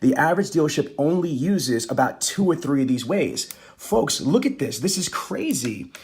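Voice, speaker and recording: A man running a live sales training stream, pushing his points hard and circling back to them again and again. His voice sits a little higher than most men's and has a husky, slightly rough edge. He drops casual slang and quick asides as he goes. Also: very animated, a little mellow. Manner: emphatic, repetitive, hyped-up coaching.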